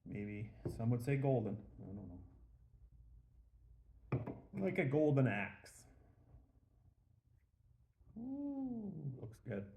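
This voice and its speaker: A man's voice: medium pitch, expressive, slow pace, long pauses, mellow. A man hosting a casual beer review show, rambling a little with fillers as he tells a joke, in an echoey room.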